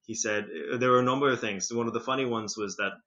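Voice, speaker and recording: Bright man with a slight British tinge. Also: mid-range voice, fairly even intonation. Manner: rambling, filler-heavy, quick to laugh. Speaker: podcast guest. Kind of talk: casual conversational storytelling. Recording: slightly muffled lo-fi recording.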